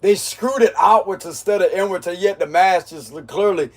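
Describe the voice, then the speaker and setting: A man's voice: high voice, normal speed. A man giving a casual, mocking tarot reading, full of slang and frequent laughter. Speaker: tarot reader.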